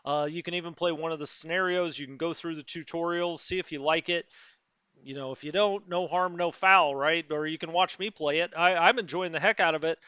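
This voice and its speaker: A man's voice: fairly high pitch, steady tone, fairly quick, bright, forceful tone, clear, resonant tone, dry recording. A middle-aged man hosting a strategy game let's play, chatting casually and rambling with lots of fillers as he greets viewers. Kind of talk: casual live gameplay commentary. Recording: dry, slightly dull lo-fi sound.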